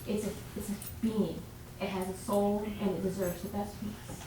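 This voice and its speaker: A woman's voice: medium pitch, little pitch movement, normal speed. A woman giving an emotional public comment at a city council meeting. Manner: emotional, heartfelt. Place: council chamber. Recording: echoey chamber, far from mic, faint noise.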